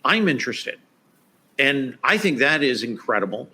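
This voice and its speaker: Guy guest on a podcast, bright sharp voice, super casual, tons of "you know" and "right". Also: medium pitch, big pitch swings, normal speed, husky. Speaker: guest expert. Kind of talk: podcast interview chat.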